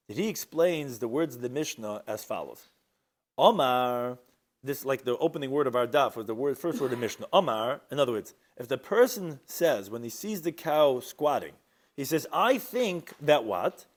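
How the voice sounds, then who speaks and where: Animated man teaching a Talmud class. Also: medium pitch, moderate pace. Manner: animated, rhetorical questions, mixes Hebrew and Aramaic terms. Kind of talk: Talmud lecture.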